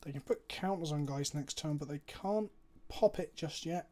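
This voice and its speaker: A man's voice: a little high, moderate pace, warm tone. A man streaming a card game, commentating his plays casually, chatty and thinking aloud, with frequent swearing.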